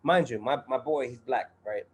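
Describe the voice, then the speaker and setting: A man's voice: medium pitch, moderate pace, slight background noise. A man guest on a podcast, telling a story in casual chat, full of profanity, street slang and fillers.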